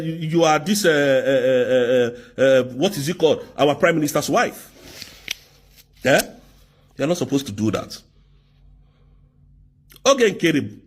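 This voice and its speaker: A man's voice: sits high, breathy edge. A man ranting angrily in commentary, hurling insults and rebukes. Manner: insulting, shouting rebukes, swearing. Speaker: political commentator.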